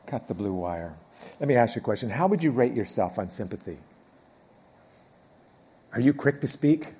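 A middle-aged man preaching a sermon in a church, talking conversationally, dropping quiet, then building loud, and repeating key phrases. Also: medium pitch, lively intonation, moderate pace, husky. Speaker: pastor.

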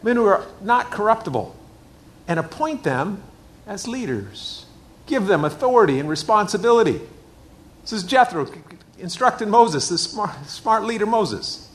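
A man's voice: sits high, sing-song, moderate pace. A middle-aged man preaching a sermon in a church, emphatic and repeating his key phrases. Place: church hall with a screen.

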